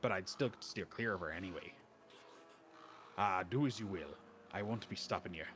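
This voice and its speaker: Cranky old villager for a game: a man putting on a low, muttering voice with an Irish-like lilt, dropped well below his natural pitch. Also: moderate pace, fairly bright tone, breathy edge. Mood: grumbling. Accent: put-on Irish-like lilt. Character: gruff old male villager, cranky and superstitious. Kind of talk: reading game dialogue aloud.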